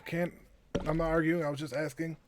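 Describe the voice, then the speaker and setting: A man's voice: fairly high pitch, flat delivery, brisk, a little hiss or hum. A man playing a tabletop game who talks casually, rambling, swearing and laughing between restarts. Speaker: player.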